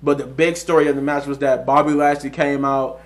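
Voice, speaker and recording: A man's voice: medium pitch, level tone, brisk. A man casually recapping a wrestling show, rambling with frequent restarts, self-corrections and chuckles. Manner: chuckles often while recounting. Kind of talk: casual solo review recap.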